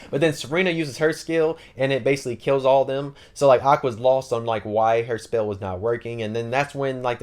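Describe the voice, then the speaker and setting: Quick, slangy male anime recapper who rambles and fills with "like". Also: medium pitch. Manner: rambling, slangy, lots of fillers. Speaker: anime channel host. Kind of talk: casual anime plot recap.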